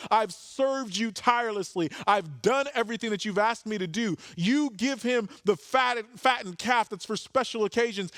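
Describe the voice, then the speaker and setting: A man's voice: fairly high pitch, a bit bright, clean tone, dry recording, close to an everyday voice. A man voicing an aggrieved older brother who complains with rising indignation. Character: resentful older brother, grown son, aggrieved.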